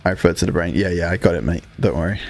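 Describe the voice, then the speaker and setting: A man hosting a relaxed livestream, chatting casually with his viewers while painting miniatures, joking and swearing freely. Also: low-pitched, very fast, soft background music. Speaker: livestream host.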